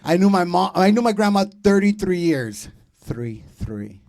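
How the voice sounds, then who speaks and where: A man in his thirties hosting a comedy show, doing loud, profane, teasing crowd work from a club stage. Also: sits high, brisk.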